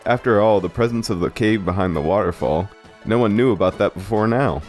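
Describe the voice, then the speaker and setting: A man's voice: lowish voice, a little fast, darkish tone, soft background music, natural voice. A man voicing a fussy, pompous male parrot advisor, reading game dialogue aloud in an emphatic, prim way. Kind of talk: let's play dialogue reading.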